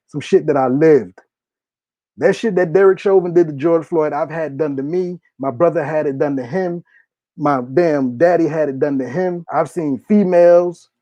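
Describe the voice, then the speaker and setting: A man in his thirties rants through political commentary, swearing freely and driving each point home by repeating it. His voice is fairly high for a man but mellow and dark. The recording is dull and lo-fi, with a dry, close sound. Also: no echo. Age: 30s. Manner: heated, profane, repetitive emphasis. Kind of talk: impassioned solo commentary.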